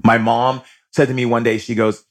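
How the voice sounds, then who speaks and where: A man's voice: mid-range voice, moderate pace. A man in casual conversation, telling stories with many fillers and acting out other people's voices. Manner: animated storyteller, mimics voices, many fillers. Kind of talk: casual chat.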